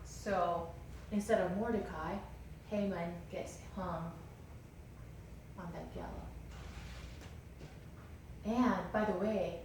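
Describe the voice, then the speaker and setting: A woman teaches a Bible class and retells the story with lively, chatty energy. She is recorded from a distance in a very echoey lecture room, with a faint hiss beneath. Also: on the low side, takes it slowly, long pauses. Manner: animated, conversational, fillers of "like". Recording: roomy lecture hall, distant mic.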